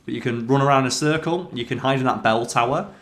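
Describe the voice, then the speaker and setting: A man hosting a let's play, chatting excitedly over gameplay, swearing freely and quizzing his co-player. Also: medium pitch, fast. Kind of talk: casual gameplay commentary.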